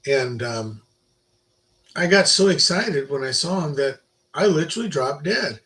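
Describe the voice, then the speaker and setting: An older man giving an informal Bible lecture, rambling through personal stories and swinging between loud emphasis and quiet asides. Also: fairly high pitch, animated, unhurried, poor audio. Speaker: Bible teacher.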